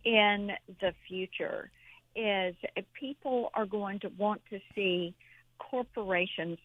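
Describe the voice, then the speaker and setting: A woman speaking as a senator in a phone-in radio interview, in a measured, deliberate way. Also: medium pitch, dry recording. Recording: tinny phone line.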